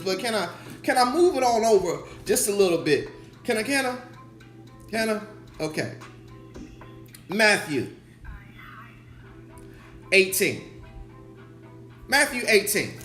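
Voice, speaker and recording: A man preaching a sermon as pastor, animated, repeating his questions and acting out the voices of his listeners. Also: high voice, a little slow, long pauses. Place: church sanctuary. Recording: echoey church room with music.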